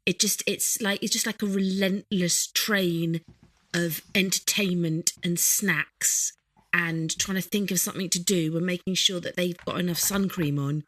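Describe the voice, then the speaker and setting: Relaxed woman, lowish voice. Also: unhurried, no echo. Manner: relaxed, chatty storytelling. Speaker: podcast co-host. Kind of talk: casual chat.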